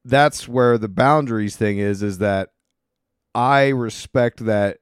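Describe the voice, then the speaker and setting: A man's voice: medium pitch, slow, clear, resonant tone, no room sound, studio quality. A man co-hosting a casual chat about his marriage, earnest and reflective, often restarting his sentences. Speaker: co-host.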